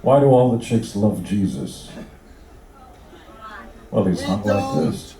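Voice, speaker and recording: A man's voice: lowish voice, takes it slowly. Man telling jokes in an echoey hall. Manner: lively, deadpan punchlines, self-deprecating. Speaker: band member telling jokes to fans. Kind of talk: live stage joke-telling. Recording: echoey hall, distant mic, background noise.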